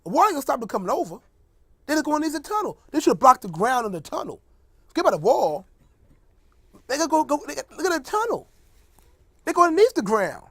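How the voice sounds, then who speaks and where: Animated joking man with lively pitch. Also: quick pace, pauses often, no echo. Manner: joking, mocking, laughs often. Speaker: host. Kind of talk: casual comedic monologue.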